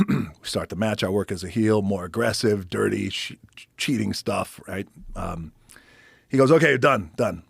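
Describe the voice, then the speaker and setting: A man's voice: on the low side, unhurried, creaky, slightly rough, no echo, clean studio sound. A man as a podcast guest, telling a story casually, swearing freely and acting out what other people said. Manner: profane, animated storyteller acting out others' lines.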